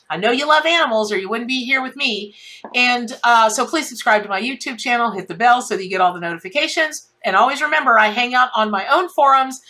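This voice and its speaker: A middle-aged tarot reader with a slightly high, bright, forceful voice gives a casual spoken reading. She rambles heartfeltly, often repeating herself and starting sentences over.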